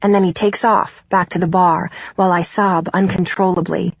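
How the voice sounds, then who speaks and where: A woman narrating a first-person audiobook in a steady, even way. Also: on the low side, moderate pace, gravelly, breathy edge, no echo. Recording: dull, dry studio recording.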